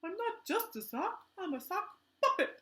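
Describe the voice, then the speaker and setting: A woman's voice: very high voice, very animated, normal speed, bright, forceful tone, pitched above the performer's own voice, full character voice. A woman voicing an innocent, cheerful male sock puppet who talks in an earnest, wondering way. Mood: indignant.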